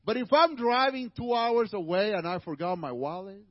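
A man's voice: high voice, normal speed, no echo, lo-fi sound. A man with a Spanish accent, native Spanish speaker, preaching a conversational sermon to a church congregation with asides to the listeners.

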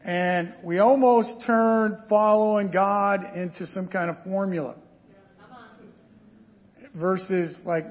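A man preaching a sermon, telling stories with lively asides and frequent "right?" checks to the congregation. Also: high voice, takes it slowly, dull audio.

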